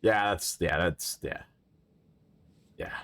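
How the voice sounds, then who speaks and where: Young male streamer, low voice, rambling casual banter with fillers. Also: slow pace. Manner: rambling, heavy filler words, animated voice impressions. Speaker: reaction streamer. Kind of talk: casual chat.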